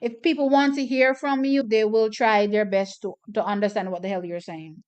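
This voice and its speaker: A woman's voice: medium pitch, fairly even intonation, normal speed, darkish tone, clear, resonant tone, highs cut off. A woman hosting a track watch party, chatting and commenting on races with strong, repeated opinions. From Jamaica. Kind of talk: casual live track commentary.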